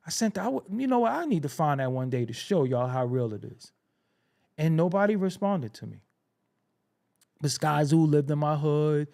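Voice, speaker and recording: Animated New York man telling stories. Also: fairly high pitch, normal speed, creaky. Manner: animated, acts out quoted dialogue, swears freely. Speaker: podcast host. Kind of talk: casual storytelling monologue.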